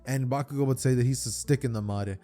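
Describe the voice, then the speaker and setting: A man's voice: medium pitch, fast, mellow. A young man casually telling a fan-fiction story, rambling with stammered repeats and many fillers.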